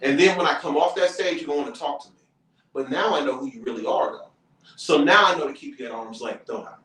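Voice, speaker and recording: A man who is a comedian hosting a casual podcast, telling stories in a lively way and acting out other people's voices, with plenty of profanity. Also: a little high, fast. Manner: animated storyteller who acts out quoted voices, profane. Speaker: comedian and show host. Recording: roomy, distant mic.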